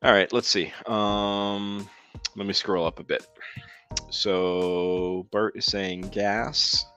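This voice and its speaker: A man's voice: lowish voice, a bit bright. A man hosting a casual live stream, rambling with lots of ums while reading viewers' comments aloud. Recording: dull lo-fi sound with faint music.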